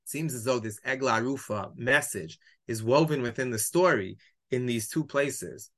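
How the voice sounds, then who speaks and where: Teacher, bright clear voice, walks through verses, keeps asking "why?" then answering. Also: medium pitch, moderate pace. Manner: explanatory, poses rhetorical questions, reads Hebrew verses aloud. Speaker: Bible teacher. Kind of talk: weekly text-study lesson.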